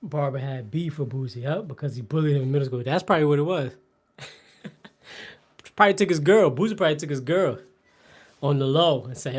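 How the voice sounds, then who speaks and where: A man's voice: a little high, brisk, long pauses, breathy edge. A man hosting a live workout stream, joking and rambling with his chat between exercises, laughing often and trailing off mid-sentence. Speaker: fitness livestream host. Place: indoors at a home workout spot.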